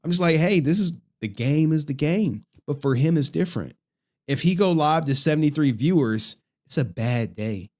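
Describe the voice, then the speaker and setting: A man's voice: a little high, lively intonation, moderate pace. A man chatting casually on a live stream, talking straight to his chat in a loose, profane way and laughing often.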